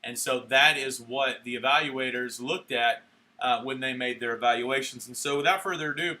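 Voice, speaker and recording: A young man emceeing a church awards night, handing out certificates in an energetic, playful way, cheering and joking with the crowd. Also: mid-range voice, moderate pace. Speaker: youth pastor handing out awards. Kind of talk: live church event emcee. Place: church hall at a live event.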